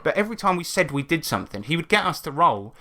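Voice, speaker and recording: A British man hosting a podcast, telling stories in casual chat, animated and full of swearing. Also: a little high, fast talker. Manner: swears often, animated storytelling. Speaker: podcast host.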